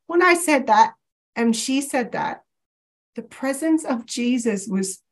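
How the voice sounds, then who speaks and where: In a high-pitched voice and at a slow pace, a woman guest recounts her personal faith journey in relaxed conversation. She laughs a lot, stays animated and performs the voices of the people she quotes.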